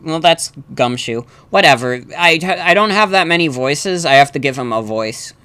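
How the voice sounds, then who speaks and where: A man's voice: fairly high pitch, expressive, moderate pace, few pauses, sharp tone, clean tone. A man giving casual, joking, self-deprecating commentary while streaming a game. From New York.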